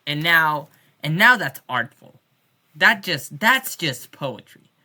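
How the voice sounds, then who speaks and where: Woman, bright and sharp tone, loose irreverent vlog rant with jokey swearing. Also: low voice, big pitch swings, slow. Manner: rambling, irreverent, swears jokingly; many restarts and fillers. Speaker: music fan. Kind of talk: casual video diary rant.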